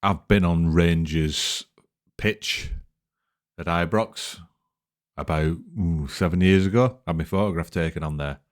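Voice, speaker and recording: A man's voice: low voice, a little slow. A man hosting a reaction video, chatting casually and talking straight to his viewers. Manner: relaxed, chatty, addresses viewers directly. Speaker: reaction channel host.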